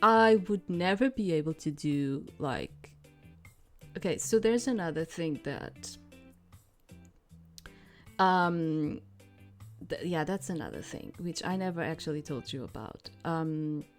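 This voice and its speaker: A woman's voice: low voice, animated, takes it slowly, pauses often, faint music behind. A woman streaming a game, chatting casually and explaining at length with lots of fillers. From outside the United States. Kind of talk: casual let's-play commentary.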